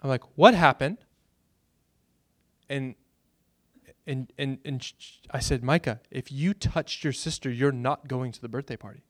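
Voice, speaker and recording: A pastor, preaching a sermon and telling stories with bursts of loud excitement. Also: male voice, mid-range voice, measured pace, long pauses, no room sound, studio quality.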